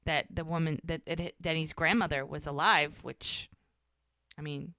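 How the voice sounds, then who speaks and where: A woman's voice: low-pitched, fairly even intonation, moderate pace, sharp tone, no room sound. A woman co-hosting a podcast, animatedly recapping a TV episode in casual chat, acting out lines as she goes. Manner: chatty, with frequent "like" fillers. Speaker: podcast co-host.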